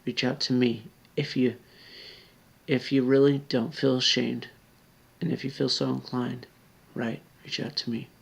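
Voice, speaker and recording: A tipsy man talks straight to the camera, his words slurred and his voice close to breaking. His tone is gravelly and a little husky, and his urgent appeals keep fading into hushed whispers. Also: medium pitch, little pitch movement, unhurried, long pauses. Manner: earnest, pleading, drops to whispers. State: drunk, slurring; near tears. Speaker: video blogger. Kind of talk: emotional direct-to-camera appeal.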